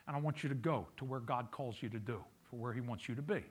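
A man's voice: mid-range voice, fast, slightly rough. A male pastor preaching a sermon, emphatic, repeating key phrases and asking the congregation questions.

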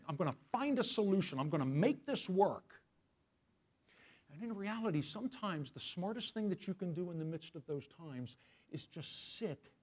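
A man preaching a sermon as pastor. He asks the congregation questions, slows down on key phrases and swings from loud emphasis to hushed whispers. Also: a little high.

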